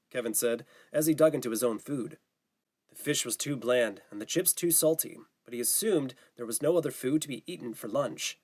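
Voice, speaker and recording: Steady male audiobook narrator. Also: mid-range voice, a little fast. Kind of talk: scripted narration.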